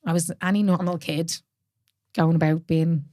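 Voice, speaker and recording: An Irish woman in her thirties hosts a podcast and speaks openly in relaxed conversation. Her voice sits a little low and she swears casually. The sound is close and dry. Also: moderate pace, no echo. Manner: candid, swears casually, laughs often. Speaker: podcast host and fitness coach. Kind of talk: casual chat.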